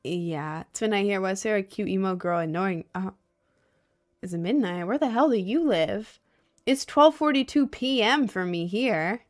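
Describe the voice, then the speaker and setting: A young woman livestreaming, chatting casually with her viewers in a rambling, animated way with lots of "like" and laughter. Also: mid-range voice, measured pace. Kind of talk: casual livestream chat reading viewers' messages.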